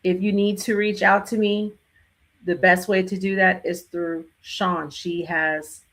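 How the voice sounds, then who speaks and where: A woman hosting a casual live Q&A, talking warmly and affectionately to her viewers. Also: fairly low pitch, flat delivery, measured pace. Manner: affectionate, repeats loving farewells. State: tearful near the end. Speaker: livestream host.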